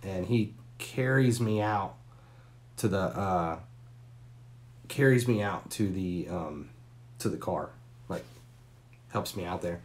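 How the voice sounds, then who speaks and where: A man in his forties with a deep, low voice spins a long personal story on a live stream. He talks casually and bluntly, swearing freely and stretching the tale out with pauses and fillers. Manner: candid, profane, drawn-out story with pauses and fillers.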